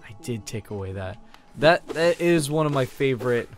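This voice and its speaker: A man's voice: mid-range voice, expressive, normal speed, faint music behind. Giggly man gushing over a game. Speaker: let's play host. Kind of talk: casual gameplay commentary.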